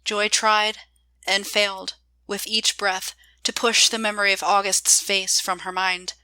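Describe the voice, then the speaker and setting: A woman reading her own short story aloud in a measured, calm way. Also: medium pitch, clean tone, dry recording. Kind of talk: scripted narration.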